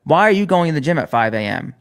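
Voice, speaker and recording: Fast-talking blunt man on discipline. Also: fairly high pitch, big pitch swings, gravelly. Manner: blunt, profane, challenging questions. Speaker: podcast guest. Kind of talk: motivational podcast talk.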